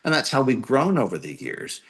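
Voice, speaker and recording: A man answering interview questions as a guest, explaining things steadily and becoming more animated when he tells a story. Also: medium pitch, normal speed. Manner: steady, earnest explainer who gets animated when telling an anecdote. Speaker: guest filmmaker.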